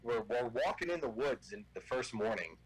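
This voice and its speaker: A man's voice: mid-range voice, moderate pace, slightly rough, rough recording. A man telling a funny hunting anecdote as a guest on a casual show. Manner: animated anecdote teller. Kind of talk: casual storytelling.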